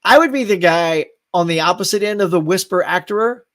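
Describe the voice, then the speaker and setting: A man hosting a casual live stream, rambling and animated and reading viewer comments. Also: sits high, brisk, dry recording, clean studio sound. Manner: rambling, animated, laughs between thoughts. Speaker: live show host.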